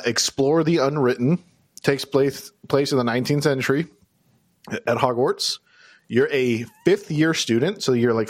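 A man co-hosting a casual gaming podcast, joking around and swearing casually. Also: medium pitch. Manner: jokey, laughs at own bits, swears casually. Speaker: podcast co-host. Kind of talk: casual chat.

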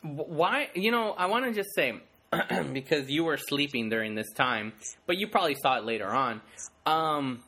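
A man's voice: on the high side, expressive, moderate pace, bright, forceful tone. A man chatting casually as a podcast co-host, laughing often and acting out movie lines. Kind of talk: casual chat.

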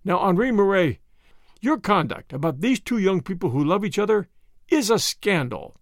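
A man's voice: sits high, sing-song, moderate pace, no room sound, clean studio sound, voice pushed up. A man voicing a stern older Boer commandant who speaks in a firm, authoritative way.

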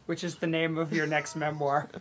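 A woman's voice: sits low, little pitch movement, normal speed, slight background noise. A woman co-hosting a podcast, cutting in with wry, teasing remarks in casual chat. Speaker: podcast co-host.

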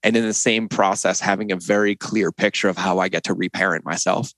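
A man's voice: low-pitched, steady tone, fairly quick, a bit bright, dry recording, poor audio. A middle-aged man speaking as a podcast guest in candid conversation, earnest and reflective as he opens up about his feelings. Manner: earnest and reflective, opening up emotionally.

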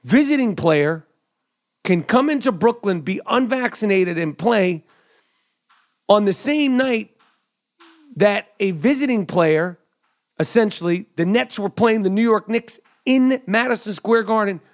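A middle-aged man with a high voice hosts a podcast and rants through a sports monologue. He sounds animated and emphatic, jumping up in pitch to punch his points. He talks into a studio microphone. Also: a little slow. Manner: animated, emphatic, drops to mock whisper. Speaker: podcast host. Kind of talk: energetic sports commentary monologue. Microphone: studio podcast mic.

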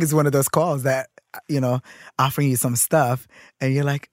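A man in his thirties from Minneapolis, telling a personal story in an animated way and acting out the voices of others. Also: mid-range voice, moderate pace, dry recording, clean studio sound. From Minneapolis, USA. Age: 30s. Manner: animated, acts out quoted voices. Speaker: interview guest, drag performer.

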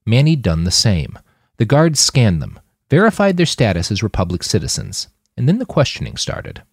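A man narrating his own fiction with expressive, scripted storytelling. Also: on the low side, normal speed, breathy edge, no echo, clean studio sound. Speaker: author and narrator.

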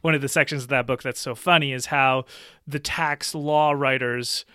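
A man's voice: mid-range voice, fairly even intonation, moderate pace, pushed and bright, clean tone, dry recording, clean studio sound. A man in a casual podcast conversation, speaking earnestly and thoughtfully, often breaking into a laugh.

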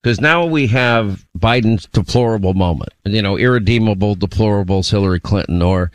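A man's voice: on the low side, brisk, no room sound. A man hosting a talk radio show, speaking bluntly, often repeating words as he starts a thought.

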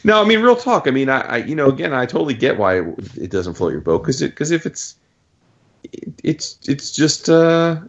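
A man's voice: mid-range voice, moderate pace, highs cut off. A man in casual chat, animatedly recapping a story and swearing freely. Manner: animated, acts out characters' lines in jumping voices, profane.

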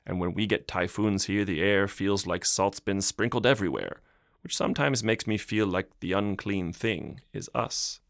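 A man's voice: sits low, moderate pace, gravelly, a bit bright, dry recording, studio quality. A man reading an audiobook, voicing an older village mayor who talks emphatically and insists he is right. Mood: musing. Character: old village mayor, insistent and self-assured.

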